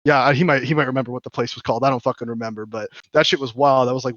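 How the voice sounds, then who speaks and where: A man telling stories on a podcast in a casual, animated, profane way, often restarting his sentences. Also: medium pitch, racing, no echo, muffled recording. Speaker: podcast co-host. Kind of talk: casual storytelling chat.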